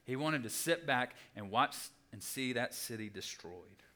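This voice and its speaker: A young adult man preaching a sermon, animated, acting out the people in the story with big jumps in his voice. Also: measured pace. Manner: animated, acts out voices with big pitch swings. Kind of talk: sermon teaching.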